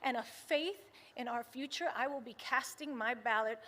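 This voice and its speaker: Bright, high-voiced woman rallying a crowd. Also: moderate pace, slight background noise. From United States. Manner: impassioned, rousing. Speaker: campaign rally speaker. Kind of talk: rally speech. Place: large rally venue. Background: faint crowd.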